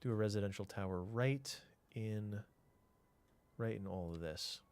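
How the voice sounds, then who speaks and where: A man's voice: fairly low pitch, measured pace, darkish tone, clean tone. A man streaming a city-building game, thinking aloud in a casual way, answering chat and trailing off into mutters.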